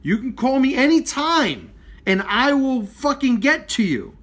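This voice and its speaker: A man with a high, lively voice gives a blunt live-video rant about his martial arts school. He swears freely and drives each point home with hard emphasis. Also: a little slow. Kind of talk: blunt, profane direct-to-camera rant.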